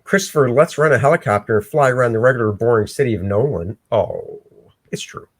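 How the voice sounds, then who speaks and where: A man hosting a casual livestream where he talks through his own comic pencils, excitable and breaking into shouts. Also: mid-range voice, fairly quick. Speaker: comic artist and show host. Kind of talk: casual livestream art commentary.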